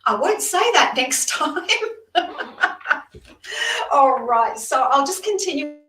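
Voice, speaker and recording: A woman's voice: high-pitched, animated, slow pace, a bit bright. Chatty Australian woman in a roomy room. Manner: chatty and effusive, addresses viewers directly. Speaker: psychic reader, guest. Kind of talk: live-streamed card readings and chat. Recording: roomy room, distant mic.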